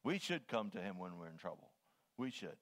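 An older man delivers a sermon with a lively, rising and falling voice. He leans hard on single words and swells loud whenever he quotes scripture. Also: deep voice, brisk. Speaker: preacher.

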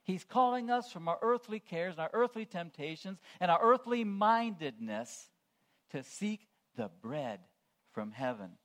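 A man preaching a sermon. He swings between hushed, low asides and loud, proclaiming calls to the congregation. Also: lively intonation, measured pace.

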